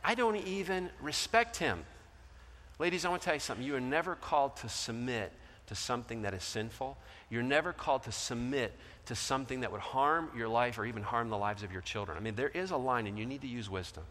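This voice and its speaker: A middle-aged male pastor preaching a sermon, telling a story and acting out the voices in it, swinging between loud and soft. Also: medium pitch, fast talker, few pauses. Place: large church hall. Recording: long hall reverb.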